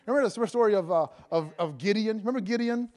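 A man with a notably high voice preaches a sermon as an evangelist. He keeps it casual and playful, laughing between points and stumbling through fillers and restarts as he goes. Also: fast, darkish tone.

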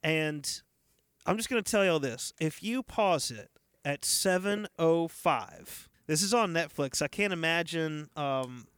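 A man co-hosting a casual TV-review podcast, with a high voice. He laughs easily, swears freely and acts out scenes with animated retellings. The sound is dry and close. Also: unhurried, clean tone, no echo. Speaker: podcast co-host. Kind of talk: casual chat reviewing a TV episode.

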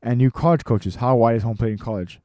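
A man's voice: medium pitch, quick pace, mellow, no echo, clean studio sound, natural voice. A man voicing an irascible 78-year-old baseball coach who barks questions at a crowd of coaches. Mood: gruff lecturing. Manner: barking, bellowing questions at a crowd.

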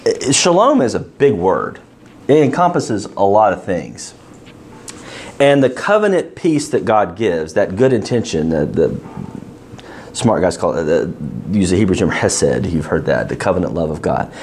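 A man with a fairly low voice teaches a Bible passage to a class. His pitch swings widely as he throws questions to the room and leans hard on the words he wants to stress. A faint hiss sits under the recording. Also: measured pace. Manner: asks the class questions, animated emphasis. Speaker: teacher leading a Bible study.

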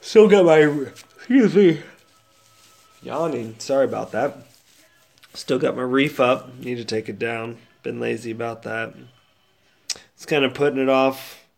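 A man's voice: mid-range voice, steady tone, moderate pace, gravelly. A man hosting his own show, rambling casually with lots of fillers and restarts, sounding sad and subdued. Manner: rambling, laid-back with many fillers and restarts. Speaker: podcast host. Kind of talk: casual solo monologue.

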